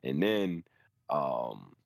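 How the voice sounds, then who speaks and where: A man with a very deep, gravelly voice co-hosts a casual podcast. His pitch swings a lot as he tells stories in slang. The sound is dry and close. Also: very animated, extremely slow, no room sound. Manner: slangy, quotes others in high put-on voices. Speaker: podcast co-host.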